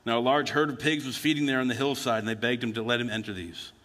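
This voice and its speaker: A man's voice: medium pitch, fairly even intonation, quick pace, fairly bright tone. A man preaching a sermon as a pastor, telling stories in a conversational way and acting out the quotes. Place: church sanctuary. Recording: church hall with long reverb.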